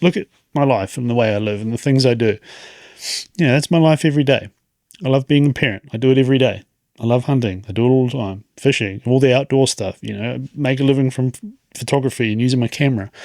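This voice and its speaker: A man's voice: medium pitch, dry recording, clean studio sound. A man in his late thirties hosting a podcast, talking in a rambling, reflective way and chuckling often. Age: 30s. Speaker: podcast host. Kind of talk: casual podcast monologue.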